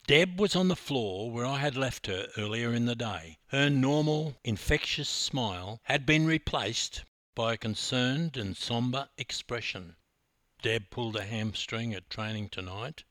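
A man's voice: mid-range voice, expressive, unhurried, fairly bright tone, no room sound. A man from Queensland with an Australian accent, narrating a personal story as a podcast host in an emphatic, dramatic way.

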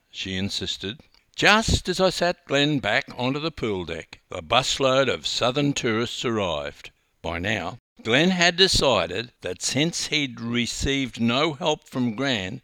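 An older Australian man, a former swim coach, reading his own memoir aloud with wry, animated storytelling. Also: medium pitch, no echo, clean studio sound.

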